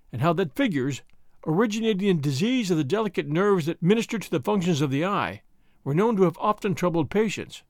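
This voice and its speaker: Brief: male narrator for a spooky story show, measured expressive delivery, lively intonation. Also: a little high, no echo, studio quality. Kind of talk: dramatic story reading for a radio-style show.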